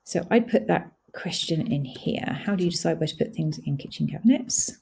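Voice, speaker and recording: A woman hosting a blogging tutorial, walking through software on screen in a casual, thinking-aloud way with many pauses and fillers. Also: sits low, animated, creaky, a little hiss or hum. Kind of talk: screen-share software walkthrough.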